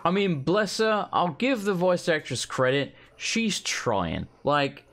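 A man hosting a let's play, casually commenting on his gameplay with jokes, swearing and loud outbursts. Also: on the high side, big pitch swings, slow pace. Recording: game music in background.

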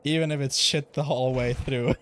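Here a young man with a medium-pitched, fairly bright voice talks briskly with fairly even intonation over slight background noise. He's streaming a video game from home, chatting in a rambling, casual way and often swearing and laughing.

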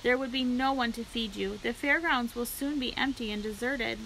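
A woman voicing a wise, calm female spider who speaks in a low, measured way, for a storybook read-aloud. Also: vocal fry, slight background noise, low-quality recording. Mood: firm.

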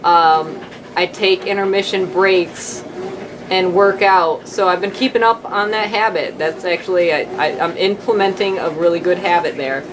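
A woman's voice: lowish voice, normal speed, noisy background. A woman vlogging at home in a rambling, upbeat way, using folksy slang. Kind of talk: casual chat to camera.

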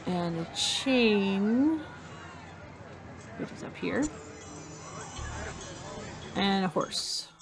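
A woman playing a hidden object game, talking to herself slowly as she searches for items. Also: medium pitch. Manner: slow, musing, talks to herself while searching. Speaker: gamer. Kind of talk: casual let's-play commentary. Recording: faint music behind voice.

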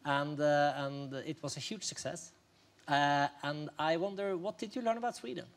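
A man with a Norwegian accent hosting a TV chat show, asking hesitant, halting questions. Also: a little high. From Norway. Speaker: talk show host. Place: television studio.

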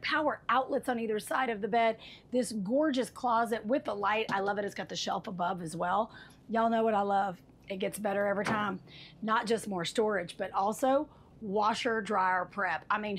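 A woman hosting an RV walkthrough inside a travel trailer, chatty and sassy, calling viewers honey and y'all. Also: mid-range voice. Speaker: RV tour host. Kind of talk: enthusiastic walkthrough review.

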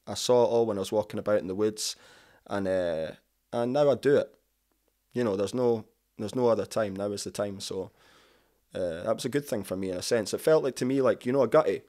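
Guy, lowish voice, talks loose and excited, lots of "you know"s. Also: fairly quick. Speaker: musician guest. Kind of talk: casual interview chat.

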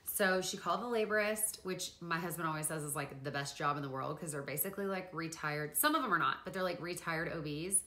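A young woman talks straight to camera, her voice bright and sharp and sitting a little low. She tells the story quickly and animatedly, leaning on fillers like a friend catching up. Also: roomy sound. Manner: animated, fast and chatty, full of "like" fillers. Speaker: vlogger.

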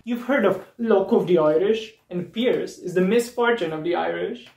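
High-voiced man roasting in a roomy space. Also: moderate pace, vocal fry, a little mellow. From Serbia. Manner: biting, mocking punchlines with laughs. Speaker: drag performer roasting the cast. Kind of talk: comedy roast set. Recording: roomy, distant mic with faint noise.

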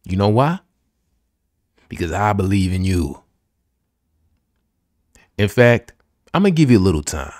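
Lively, low-voiced man giving a pep talk. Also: a little slow, long pauses, dry recording, clean studio sound. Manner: emphatic, repetitive, slangy. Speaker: podcast host.

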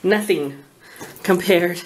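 A woman's voice: lowish voice, slow, background noise. A woman vlogger chatting casually at her kitchen table at home, gushing and flustered as she talks. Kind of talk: casual unboxing chat.

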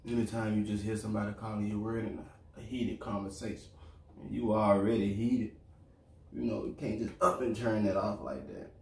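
Plain-spoken man, mid-pitch, earnest, in an echoey room some way from the mic. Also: fairly even intonation, fairly quick, gravelly, far from the mic, slight background noise. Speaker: boyfriend, co-host. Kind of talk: casual couple chat over a meal.

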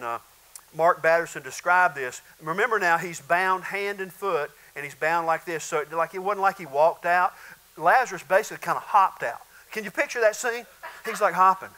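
A male pastor preaching a sermon in a conversational way, with sudden loud bursts and laughter. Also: fairly high pitch, poor audio.

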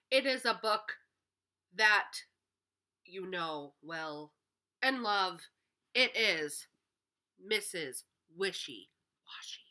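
A young woman teacher reads a picture book aloud to kindergarteners, her voice swooping up and down in a lively sing-song. She speaks slowly and warmly to the kids, and her tone is bright and clear. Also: medium pitch.

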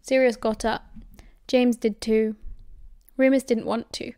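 A woman with a British accent reading audiobook narration at a steady, measured pace. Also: on the high side, clean tone, no echo, clean studio sound. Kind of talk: scripted narration.

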